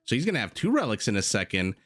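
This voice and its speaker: A married man casting a strategy video game match as a commentator, lively and jokey, with rambling asides and sudden gasps. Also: fairly low pitch, rapid-fire. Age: adult, married with a young child. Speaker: game caster. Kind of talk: esports commentary.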